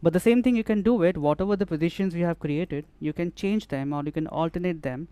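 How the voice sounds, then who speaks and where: A man's voice: high-pitched, quick pace, few pauses, warm tone. A man demonstrating music production gear in a tutorial, explaining step by step and often repeating phrases as he works. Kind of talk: hands-on software tutorial.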